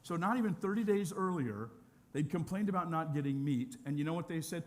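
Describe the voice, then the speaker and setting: Animated older preacher, playful. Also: male voice, fairly high pitch, brisk. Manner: animated, humorous, acts out scenes. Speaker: pastor. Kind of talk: sermon.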